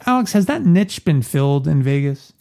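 A man's voice: on the high side, big pitch swings, moderate pace, darkish tone. A man co-hosting a podcast in easygoing, agreeable casual chat, chuckling now and then. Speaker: podcast co-host.

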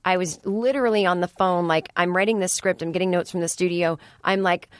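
Speaking fast with few pauses, this podcast host has a lowish voice and fairly even intonation. She's alone in a studio with a studio mic and no room sound, rambling through casual chat peppered with sarcasm.

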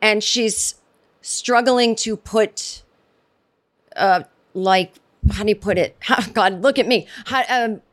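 Middle-aged american lady doing a solo podcast, rambly and sarcastic, mid-pitched voice. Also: slow pace, long pauses. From United States. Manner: rambling, animated, sarcastic asides. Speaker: podcast host. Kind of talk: casual solo podcast commentary.

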